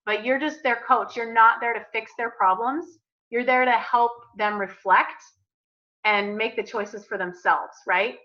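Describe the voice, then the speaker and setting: A woman runs a live group coaching session in an upbeat, chatty way. Her voice sits a little high and rings bright and forceful. The sound is a bit dull and lo-fi, as on a video call. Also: fairly even intonation, unhurried.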